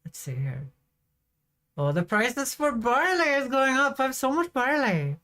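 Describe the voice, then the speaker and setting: A woman's voice: high-pitched, sing-song, a little slow, bright, forceful tone. A woman streamer chatting casually while she plays a farming game, rambling and now and then bursting out in frustration. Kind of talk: casual livestream chat while gaming.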